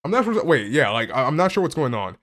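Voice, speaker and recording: A man casually reacting to a comic chapter, excitable and stammering, packing his talk with "like" and reading passages aloud between his reactions. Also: medium pitch, fast. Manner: excitable, stammering, heavy use of "like".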